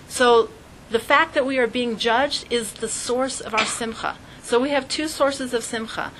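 Woman, teacher, religious lesson, bright voice, animated, faint noise. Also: a little high, measured pace, rough recording. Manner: animated, acts out little scenes in quoted voices. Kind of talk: Jewish studies class lesson.

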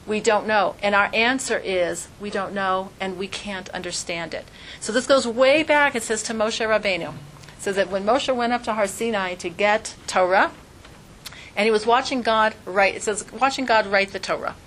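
With a medium-pitched, slightly bright voice at a moderate pace, a woman leads an informal religious class. She's earnest and conversational, firing off strings of rhetorical questions and using "like" a lot. A little hiss or hum is audible.

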